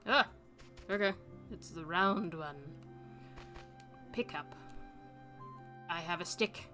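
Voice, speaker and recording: A woman's voice: on the low side, takes it slowly, over music. A woman streamer giving casual gameplay commentary, chatty and self-amused as she thinks aloud.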